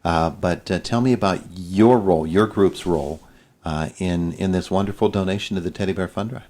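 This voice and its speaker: A man's voice: deep voice, brisk, a little mellow. A man hosting a morning radio interview in a studio, chatty and encouraging, with folksy asides. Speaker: radio morning show host. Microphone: studio microphone.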